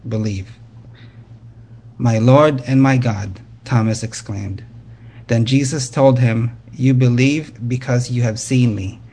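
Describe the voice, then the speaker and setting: A man reading a Bible passage aloud at a steady, measured pace, with an occasional slip. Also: mid-range voice. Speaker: scripture reader.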